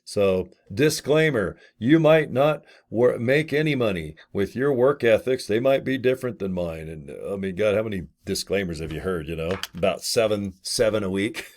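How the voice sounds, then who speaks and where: A man's voice: fairly low pitch, expressive, normal speed, hardly any pauses. A man in his late fifties talking casually to camera about a business opportunity, folksy and blunt with mild swearing and rambling asides. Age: 50s. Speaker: network marketing affiliate. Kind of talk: casual to-camera sales chat.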